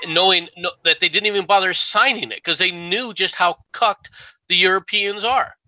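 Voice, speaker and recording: A man's voice: high-pitched, bright, forceful tone, no room sound, poor audio. A man on a casual political talk stream, arguing his points in a lecturing way with many okays. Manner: argumentative, lecturing, fillers like okay.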